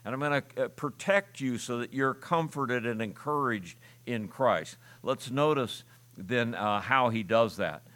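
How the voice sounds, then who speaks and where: A male pastor delivering a sermon in a relaxed, conversational teaching manner, often pausing on fillers and restarting phrases. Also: medium pitch.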